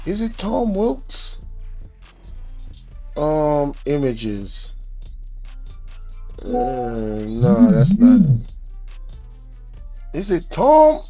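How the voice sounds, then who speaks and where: A man's voice: a little high, huge pitch swings, extremely slow, long pauses, warm tone, faint music behind. A man with a Jamaican accent hosting a reaction channel, talking to viewers in an indignant, preachy way. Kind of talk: casual reaction commentary.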